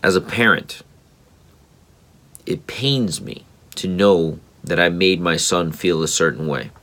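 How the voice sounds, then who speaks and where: Tired, earnest man with a very deep voice. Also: slow pace, a bit bright. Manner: earnest, reflective, many fillers and restarts. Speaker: father vlogger. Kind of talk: casual personal storytelling.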